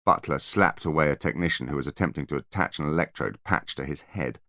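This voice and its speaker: A man narrating an audiobook in measured storytelling. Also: very deep voice, sharp tone, dry recording, studio quality. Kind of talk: scripted narration.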